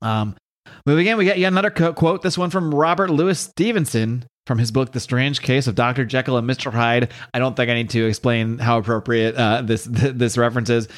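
A man's voice: mid-range voice, brisk. A man casually reading through a comic book, rambling, joking and correcting himself as he goes. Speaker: comic book recap host.

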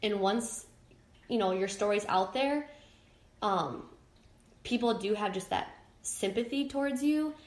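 A woman's voice: medium pitch, a little slow, long pauses. A young adult woman, a podcast guest, talking candidly and emotionally about her own life, often restarting and searching for words. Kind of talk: candid personal storytelling. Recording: roomy echo.

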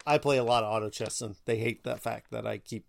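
Jokey self-deprecating podcast host. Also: male voice, mid-range voice, fairly even intonation, quick pace, gravelly, a little hiss or hum. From Florida. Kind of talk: casual podcast chat.

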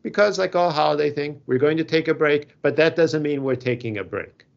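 Animated man co-hosting a chat podcast. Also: on the high side, fairly quick, gravelly. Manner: animated, jokey, trails off mid-sentence. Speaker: podcast co-host. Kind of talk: casual chat. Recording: dull lo-fi sound.

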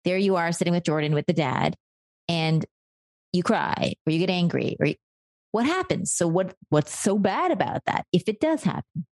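A woman coaching someone through a personal fear, asking probing questions and affirming calmly. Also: lowish voice, normal speed, dry recording. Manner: calm, probing, affirming with frequent mm-hmms. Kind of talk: guiding coaching session.

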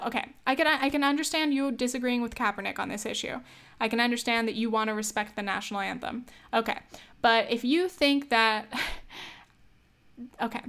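Smooth-voiced young woman chatting her opinions. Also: a little high. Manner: chatty, wry, laughs at herself, trails off and restarts. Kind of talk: casual opinion monologue.

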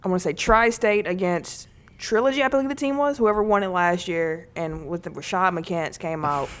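A woman co-hosting a sports podcast, telling stories in an animated way and laughing often. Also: on the low side, moderate pace. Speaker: podcast co-host. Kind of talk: casual sports chat.

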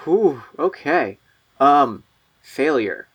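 A man's voice: a little high, very animated, very slow, breathy edge, highs cut off. A man running a tabletop role-playing game, narrating scenes casually with lots of fillers and restarts. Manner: casual, filler-heavy, playful. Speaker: game master.

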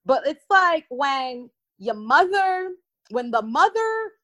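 A woman radio host talks on a podcast with a high, bright pitch. She is wry and confident, teasing her host with easy humor. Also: sing-song, slow pace. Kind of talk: casual podcast interview.

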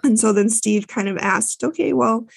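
A woman's voice: fairly high pitch, normal speed, creaky, husky, dry recording. A woman co-hosting a podcast, chatting casually as she recaps a show with many fillers and restarts. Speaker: podcast co-host.

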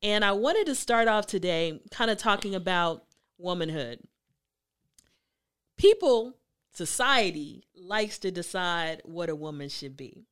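A woman hosting a motivational talk, telling a story in a chatty, emphatic, animated way. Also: on the low side, a little slow, clear, resonant tone. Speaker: host.

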